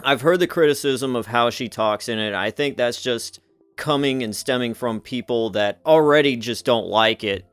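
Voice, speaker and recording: A man's voice: medium pitch, moderate pace, fairly bright tone, clear, resonant tone, no echo, soft background music. A man hosting a casual commentary in a rambling, joking manner. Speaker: commentary host.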